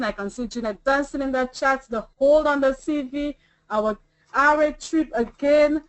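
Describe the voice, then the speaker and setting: A woman's voice: high voice, dry recording, poor audio. Upbeat woman rallying a group call. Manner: upbeat, rallying, list-like delivery. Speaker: host of a business group call. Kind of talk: motivational talk on a conference call. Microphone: online call audio.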